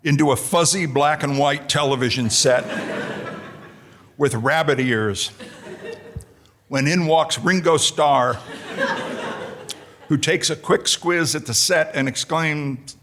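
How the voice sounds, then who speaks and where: A man's voice: a little high, slow, pauses often, fairly bright tone, slight background noise. A middle-aged American man from New Jersey, introducing a colleague at a formal lecture with dry, self-deprecating humor. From United States, New Jersey. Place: lecture hall.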